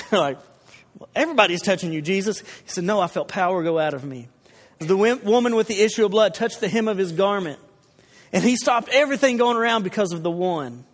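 A man's voice: high voice, expressive, fairly quick. A man preaching a sermon, talking conversationally and telling stories with asides to the congregation. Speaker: pastor. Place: church hall. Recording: long reverb of a large hall.

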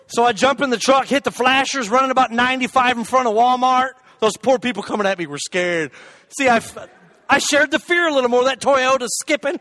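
A man preaches a humorous sermon, telling a story in an animated, jokey way punctuated by loud shouted asides. His voice is very high-pitched and brisk, with no echo.

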